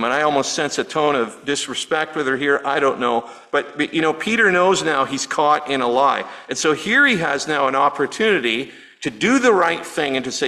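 A man's voice: on the high side, animated, normal speed, hardly any pauses, bright, forceful tone, low-quality recording. A man preaching a sermon in a conversational way, often asking his listeners questions. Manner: conversational, asks the audience questions, many restarts. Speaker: pastor.

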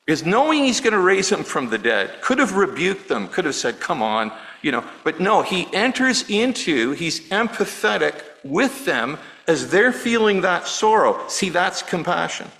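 A middle-aged male pastor preaching a sermon in an earnest, personal way, dropping low and quiet on words of grief. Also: very animated, moderate pace, vocal fry, hardly any pauses, low-quality recording. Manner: earnest, personal, softening to near-hush on grief.

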